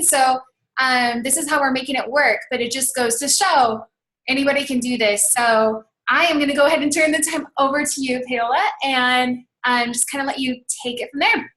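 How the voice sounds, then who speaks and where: A woman's voice: high voice, fairly even intonation, moderate pace, fairly bright tone. A woman hosting a webinar, introducing a guest in an upbeat, enthusiastic way with frequent fillers. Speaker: webinar host. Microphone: call recording.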